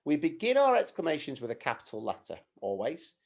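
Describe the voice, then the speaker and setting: A man's voice: on the high side, huge pitch swings, brisk. A male teacher giving a recorded lesson to young children, explaining patiently and asking them questions. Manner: patient, clear instructions to children with rhetorical questions. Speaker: primary school teacher. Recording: dull lo-fi recording.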